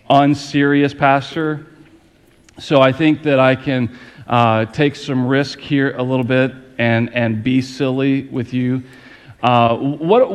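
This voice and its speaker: In a church sanctuary full of people, a middle-aged pastor playfully preaches about Christmas and speaks directly to those gathered. His voice is mid-range with a clean tone, carried by long hall reverb amid audience noise.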